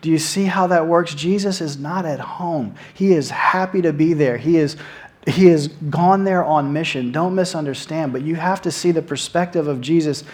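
A man's voice: a little high, normal speed, a little mellow. A man preaching a sermon in an earnest way, often repeating words as he stresses a point.

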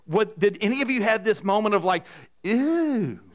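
A man preaching a sermon to a congregation in a conversational, animated way, often asking the room questions. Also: high voice, fast talker. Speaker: pastor. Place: church in front of a congregation.

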